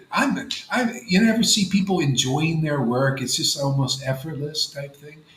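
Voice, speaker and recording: A man's voice: a little high, measured pace, fairly bright tone, reverberant, slight background noise, rough recording. A man leading a gathering of devotees, giving an informal devotional talk in a rambling, conversational way full of "you know" and "man". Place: room with a gathered group of listeners.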